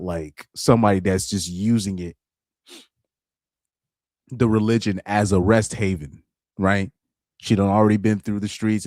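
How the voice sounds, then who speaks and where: A man's voice: dark tone, no room sound, clean studio sound. A man in casual livestream commentary, laid-back, laughing often and trailing off mid-thought. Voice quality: deep voice he calls super villain-like. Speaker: reaction streamer.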